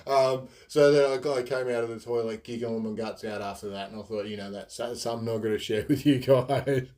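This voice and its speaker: A man's voice: mid-range voice, fairly even intonation, fairly quick, dark tone. Rambling giggly man. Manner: rambling, giggly, lots of fillers. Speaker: podcast host. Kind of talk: casual storytelling monologue.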